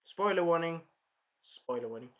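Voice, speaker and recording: A young man hosting his own channel, recapping an anime episode in casual chat, animated and swearing now and then. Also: a little high, moderate pace, dull audio. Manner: animated, swears, bursts into loud acted-out quotes. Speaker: anime reviewer and channel host.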